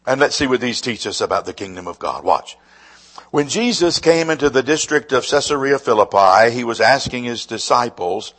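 A man preaching a sermon with a raspy voice, moving between quiet, slow emphasis and loud, lively passages. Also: mid-range voice. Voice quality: husky. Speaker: pastor.

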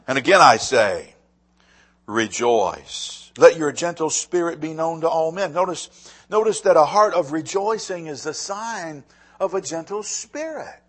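A middle-aged male pastor with a slightly husky, somewhat raised voice delivers a sermon. His pitch leaps around as he preaches, swinging from loud emphasis to near-hushed asides, and he repeats words as he presses a point. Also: animated, normal speed.

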